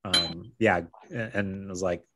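A man hosting a casual virtual wine tasting over a video call, talking in halting bursts with repeated words and frequent laughs. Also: low voice, fairly even intonation, noisy background.

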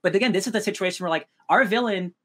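A man co-hosting a casual review podcast. He talks at a rapid clip, piling up fillers and restarts as he goes. He slips into quick mocking voices to act out a point. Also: sits high, husky. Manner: fast, animated, filler-heavy, drops into mock voices. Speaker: podcast co-host.

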